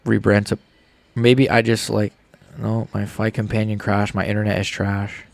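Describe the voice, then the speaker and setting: A young man with hiccups chatting casually on a live stream, reading viewers' messages aloud in relaxed slangy banter. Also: lowish voice, moderate pace, vocal fry, no echo. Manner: reads chat aloud, laid-back slangy banter. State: has the hiccups. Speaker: streamer reacting live to fights.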